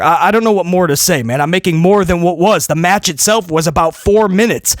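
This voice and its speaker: Brief: high-voiced male reviewer, animated and sarcastic, dry close-mic sound. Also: brisk, few pauses, no room sound. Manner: animated, mocking impressions and quips. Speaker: wrestling show reviewer. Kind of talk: casual commentary.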